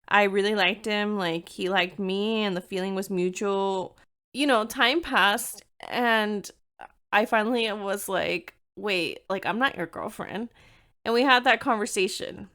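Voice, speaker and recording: A young adult woman hosting her own podcast, telling a personal story in a candid, chatty monologue. Her voice sits in a middle pitch. She swears freely and mixes in Spanish phrases. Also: slow pace, a bit bright. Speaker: podcast host.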